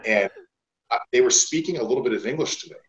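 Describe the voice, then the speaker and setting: A man with a mid-range voice talks fast as a guest on a wrestling podcast, in a recording with roomy echo. In casual interview style, he tells stories bluntly and animatedly, swearing a lot.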